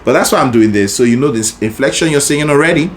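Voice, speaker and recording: A man's voice: mid-range voice, animated, fast, a little hiss or hum. A man teaching a singing lesson, explaining techniques and breaking into short sung demonstrations, often checking in with "right?". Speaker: vocal coach.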